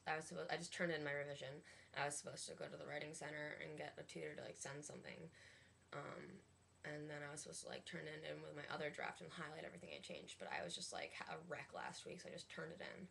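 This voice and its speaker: Creaky, low-voiced young woman ranting. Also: quick pace, a bit bright, a little hiss or hum. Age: 20s. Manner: chatty, many likes and restarts. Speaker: college student vlogger. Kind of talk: casual rant to camera.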